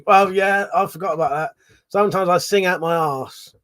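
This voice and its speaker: A man's voice: high voice, moderate pace, a bit bright. A man hosting a casual livestream, rambling, swearing freely and reading viewers' chat aloud. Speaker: livestream host.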